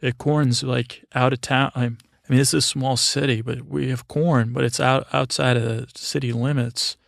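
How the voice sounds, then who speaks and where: A man telling an improvised, absurd bedtime story in a halting, deadpan way full of fillers and restarts. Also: mid-range voice, vocal fry, no room sound, clean studio sound.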